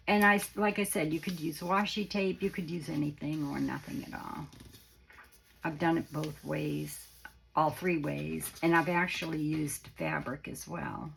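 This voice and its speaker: A woman with a low, deeply gravelly and croaky voice talks through a paper-craft tutorial in an easygoing, rambling way. She wanders off mid-sentence and corrects herself, like someone showing a friend how it's done. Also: fairly even intonation, unhurried, a little hiss or hum, low-quality recording. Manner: chatty, meandering, self-correcting. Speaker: craft channel host.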